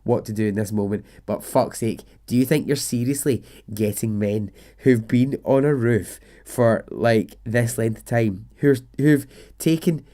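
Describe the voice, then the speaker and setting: A man's voice: mid-range voice, measured pace, hardly any pauses, mellow. A man, a podcast host telling a true story in a chatty way with the odd swear word. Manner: chatty, swears, laughs at absurd details. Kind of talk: casual storytelling narration.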